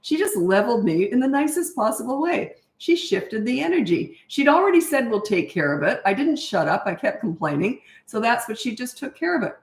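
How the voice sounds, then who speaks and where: A woman's voice: on the high side, big pitch swings, brisk, few pauses, reverberant. A woman in her sixties, a parenting coach answering questions in a casual livestream, telling stories in a chatty way with fillers and laughs. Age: 60s.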